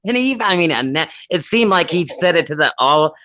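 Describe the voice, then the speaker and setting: A man's voice: a little high, fairly quick. A middle-aged man telling a story in casual chat. He acts out the other people's voices as he goes. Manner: animated, mimics voices in anecdotes. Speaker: live stream participant. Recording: dull lo-fi stream audio.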